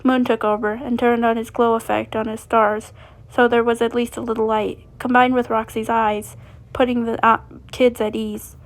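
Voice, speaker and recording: A woman reading a fan fiction story aloud, steady, with frequent slips and restarts. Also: fairly high pitch, moderate pace.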